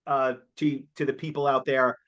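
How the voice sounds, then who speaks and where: A man, chatting casually as co-host, excitable and jokey and laughing often. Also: mid-range voice, normal speed, dull audio. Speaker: co-host reviewing a concert. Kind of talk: casual chat.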